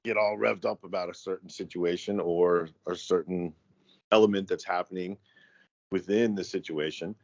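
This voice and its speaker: An American man talking as a guest in a casual chat, halting and rambling with many fillers. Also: low-pitched, fairly even intonation, no echo. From United States. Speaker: guest, tattoo artist. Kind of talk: casual conversation. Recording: dry, dull lo-fi audio.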